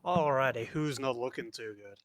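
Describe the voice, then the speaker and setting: A tabletop player who reacts to the game with lively, expressive calls. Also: medium pitch, moderate pace, no room sound, studio quality. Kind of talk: casual chat over voice chat.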